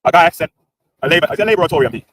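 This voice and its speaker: A man's voice: a little high, animated, very fast, background noise. A British man hosting a livestream, ranting in casual street slang with lots of banter. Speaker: livestream host.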